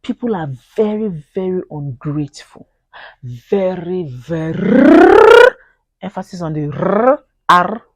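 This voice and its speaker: A woman's voice: lowish voice, moderate pace, few pauses, no echo. Earnest Nigerian woman vlogging. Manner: animated, acts out quoted voices in Pidgin; earnest and pleading. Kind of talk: casual talk to camera.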